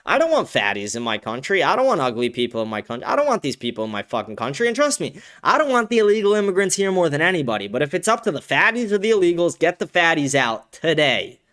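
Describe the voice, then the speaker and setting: A young man hosting a casual livestream from home, blunt and profane, ranting and breaking into excited shouts. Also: fairly high pitch, fast talker, hardly any pauses. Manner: animated, bursts of excited shouting. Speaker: livestream show host. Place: home, with a dog nearby.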